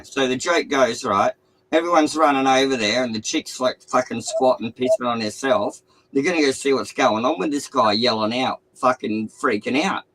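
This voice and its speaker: Aussie guy streaming, swears nonstop, rambly dirty joke, normal pitched voice. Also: a bit bright, slight background noise, poor audio. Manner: profane, rambling storyteller. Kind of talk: casual chat, crude joke telling.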